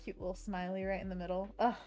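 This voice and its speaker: A woman's voice: mid-range voice, little pitch movement, fast, dark tone, soft background music. A young woman with a Pacific Northwest American accent, hosting a casual art livestream, bubbly and giggly as she chats with viewers while painting. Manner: bubbly, giggly, reads chat aloud. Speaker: livestream host and digital artist.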